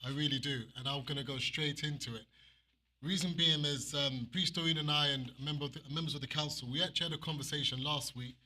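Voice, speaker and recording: A man's voice: on the high side, fairly even intonation, fast talker, sharp tone. A man preaching an impassioned, emotional sermon as minister.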